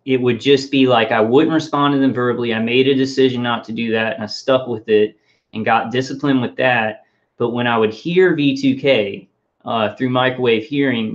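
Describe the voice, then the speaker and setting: Halting, rambling man on lo-fi audio. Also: mid-range voice. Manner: rambling, halting, many restarts and fillers. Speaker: vlogger. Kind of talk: casual monologue to viewers.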